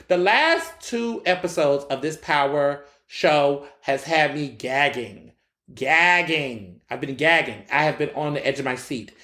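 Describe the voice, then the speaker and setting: A man hosting his own podcast, chatting in an animated, slangy way and speaking straight to his listeners. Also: a little high, reverberant. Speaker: podcast host. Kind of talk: casual solo commentary.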